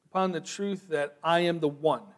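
A man preaching a sermon, moving from quiet, thoughtful asides to loud, emphatic proclamation. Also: a little high, fairly even intonation, normal speed.

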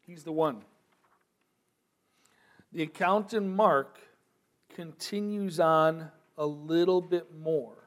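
A man preaching a sermon, moving from quiet, thoughtful asides to loud, emphatic proclamation. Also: a little high, fairly even intonation, slow, pauses often.

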